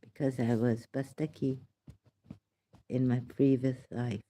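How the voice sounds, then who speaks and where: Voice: mid-range voice, little pitch movement, measured pace, mellow, slight background noise. A vlogger talking in a rambling solo monologue, laughing often and sighing between thoughts.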